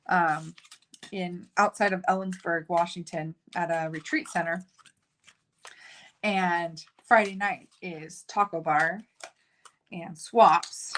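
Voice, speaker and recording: A woman's voice: lowish voice, measured pace, a bit bright, a little hiss or hum. A woman hosting a casual card-making tutorial, talking in a chatty, upbeat way with a few fillers as she works.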